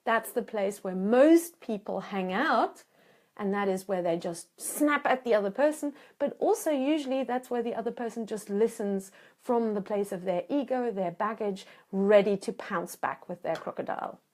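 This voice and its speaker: A woman relationship coach teaching in an animated, emphatic way, acting out bits of dialogue as she explains. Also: medium pitch, normal speed. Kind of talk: teaching talk to camera.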